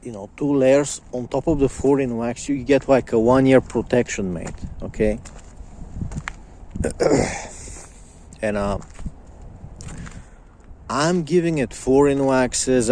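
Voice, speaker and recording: A man's voice: medium pitch, mellow, a little hiss or hum. A young man in a casual vlog, ranting angrily with lots of swearing and repetition. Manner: angry, profane, repetitive ranting. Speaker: vlogger.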